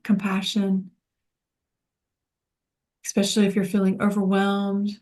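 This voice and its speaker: A woman leading a spiritual self-help class, speaking in a gentle, soothing, reflective way. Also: medium pitch. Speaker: course facilitator.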